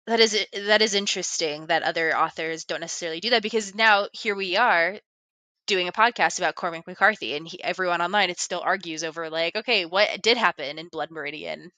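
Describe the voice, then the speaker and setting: A woman's voice: fairly low pitch, moderate pace, bright, forceful tone, smooth, dry recording. A woman guest in a casual podcast conversation, thinking through questions aloud with many fillers. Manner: thoughtful, questioning, filler-heavy.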